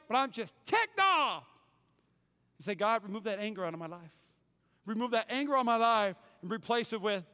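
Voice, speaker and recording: Pastor, male, high voice, emphatic sermon delivery with repeated phrases, long church reverb. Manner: emphatic, repeats key phrases, swings from loud to hushed. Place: church sanctuary. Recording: hall reverb, church sanctuary.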